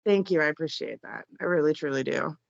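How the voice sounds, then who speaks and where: A woman's voice: sits low, expressive, fast talker, vocal fry, no room sound. A young woman, a guest on a podcast, chatting in an upbeat way with frequent laughter. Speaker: podcast guest, fighter and law student. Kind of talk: casual interview chat. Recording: dull, dry lo-fi audio.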